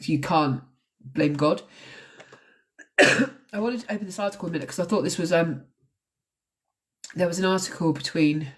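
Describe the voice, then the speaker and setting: A woman hosting a true crime show, recounting a case in a casual, earnest way with frequent ums. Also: sits low. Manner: conversational, with frequent ums and likes. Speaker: true crime podcast host.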